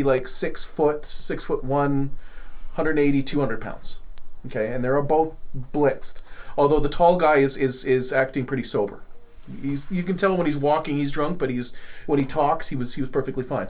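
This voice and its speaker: A man hosting a podcast, telling a rambling anecdote and acting out what people said. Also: fairly high pitch. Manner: rambling anecdote, acts out quoted dialogue. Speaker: podcast host. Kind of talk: casual storytelling. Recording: phone-like narrow sound.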